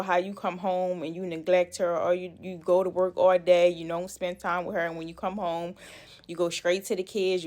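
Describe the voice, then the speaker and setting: A woman vlogger chatting casually through a gossipy story, acting out what people said, recorded on her phone. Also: lowish voice. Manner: animated, talkative, acts out quoted dialogue.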